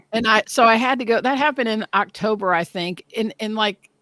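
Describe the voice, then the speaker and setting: Animated woman in her fifties telling stories. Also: fairly high pitch, moderate pace, no echo. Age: 50s. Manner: animated, laughing, self-deprecating storyteller. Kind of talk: casual storytelling chat.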